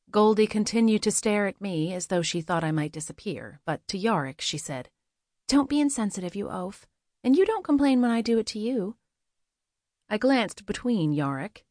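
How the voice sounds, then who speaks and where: A woman reading a first-person novel aloud as an audiobook narrator, in a measured, steady storytelling manner. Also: on the low side, no echo, clean studio sound.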